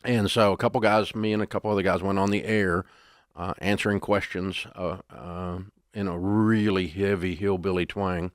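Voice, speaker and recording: A deep-voiced man tells folksy, animated stories as an interview guest. His voice sounds dry and close, with no room echo. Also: normal speed. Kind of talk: casual interview storytelling.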